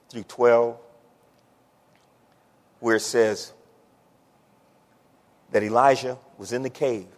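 A man preaching a sermon, swinging from hushed near-whispers to loud shouts. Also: medium pitch, long reverb tail.

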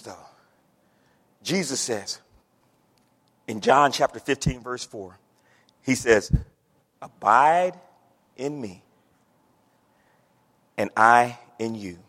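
A pastor preaches a folksy sermon full of homespun stories and plain everyday sayings. His voice is medium-pitched and fairly bright, carried by a long hall reverb.

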